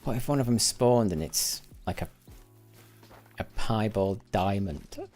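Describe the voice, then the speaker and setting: A man's voice: on the low side, expressive, a little slow, a little mellow, faint music behind. A man giving casual live commentary while playing a game, rambling and correcting himself as he goes, sometimes muttering to himself. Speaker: gaming livestreamer.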